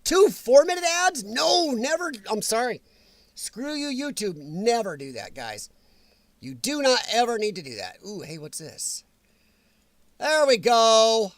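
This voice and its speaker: Man, casual live-stream host, animated high voice, slow rambling talk, dry close sound. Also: no echo. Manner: rambling, grumbling at software, frequent um and laughs. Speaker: streamer hosting a live chat.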